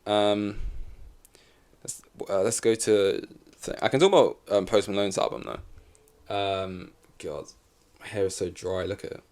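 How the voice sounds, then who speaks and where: Rambling, lower-voiced podcast guy. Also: a little slow, darkish tone. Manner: rambling, self-correcting, swears casually. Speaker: podcast host. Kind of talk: casual solo chat. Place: in front of a camera.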